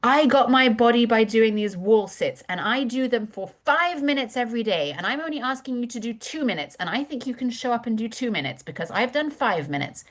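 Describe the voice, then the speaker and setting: A proud, self-assured female coach , played by a woman, sets herself up as the example to follow. She talks briskly, her pitch a touch above normal. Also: animated. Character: confident, proud female fitness leader, inspiring by example.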